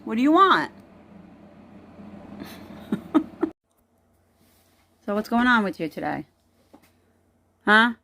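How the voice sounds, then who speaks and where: A woman's voice: fairly high pitch, bright, forceful tone. A woman talking playfully to her pet dog, teasing and coaxing it. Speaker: dog owner. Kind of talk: casual talk to a pet.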